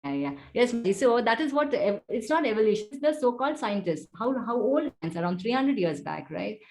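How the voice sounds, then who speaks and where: A woman's voice: on the high side, sing-song, brisk, a little mellow. Woman teaching a devotional class. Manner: discursive, full of "you know" asides. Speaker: teacher leading a scripture class.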